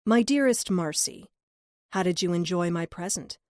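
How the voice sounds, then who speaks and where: An obsessive male killer speaks his letter slowly and deliberately, each word lingering with possessive menace, as a woman narrator voices him. The voice sits fairly low, and the recording is close and dry. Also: darkish tone, no room sound, lightly acted. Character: obsessed male serial killer writing taunts.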